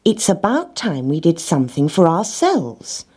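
A woman's voice: lowish voice, wildly swooping pitch, a little slow, warm tone, breathy edge, exaggerated voice. An earnest bossy little hen, as a woman puts her on. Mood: insistent. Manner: insistent, explaining.

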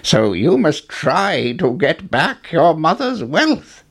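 A man's voice: on the high side, big pitch swings, slow, husky, voice pushed up, heavily acted. A man doing a solemn mysterious old man.

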